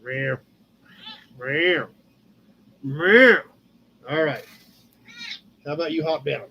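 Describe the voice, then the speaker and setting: A man using a soft, coaxing baby-talk voice on his pet cat, meowing at it. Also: a little high, drawn-out words, slightly rough, voice pushed down, full character voice. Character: cutesy voice talking to a pet cat.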